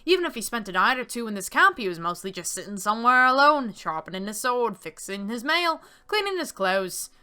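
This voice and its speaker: A woman voicing an eager young bearded male soldier in a text game, reading his lines in a keen, lively way. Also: a little high, a little fast, few pauses, clear, resonant tone.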